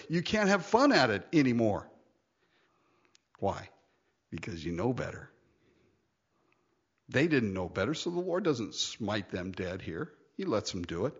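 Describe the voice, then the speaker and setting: Male pastor, expressive teaching voice that jumps high and drops low, slightly muffled lo-fi sound. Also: slightly rough. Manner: animated, laughing often, acting out quotes. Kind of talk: sermon.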